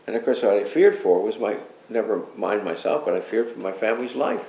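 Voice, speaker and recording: Older male guest, low gravelly voice, earnest rambling storyteller, echoey room. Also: lively intonation, brisk, hardly any pauses, mellow. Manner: earnest, rambling recollection with repeated pleas and asides. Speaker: interview guest. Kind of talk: personal storytelling in an interview. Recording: roomy echo with faint background noise.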